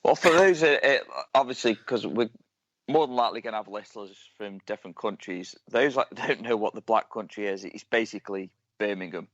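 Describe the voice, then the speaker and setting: A man's voice: lowish voice, brisk, dry recording. A man hosting a casual interview podcast, teasing his guests and laughing often. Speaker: podcast host. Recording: dry, slightly dull lo-fi audio.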